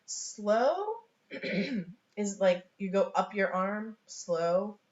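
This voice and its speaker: A woman's voice: medium pitch, steady tone, drawn-out words. A woman teaching sign language online in a loose, chatty way, with many fillers and small laughs, from a room at home. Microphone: webcam on a video call. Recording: echoey, dull home webcam recording.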